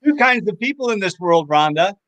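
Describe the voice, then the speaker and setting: A man's voice: high voice, sing-song, a little fast, a bit bright. A man playing along in a casual comedy game, good-humored and joking. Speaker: game contestant. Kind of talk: casual banter.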